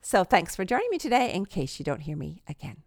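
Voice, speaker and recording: Animated woman in her sixties telling stories. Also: fairly low pitch, quick pace, no room sound, studio quality. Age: 60s. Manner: animated storyteller, laughs often. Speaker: podcast host. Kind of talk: storytelling podcast talk.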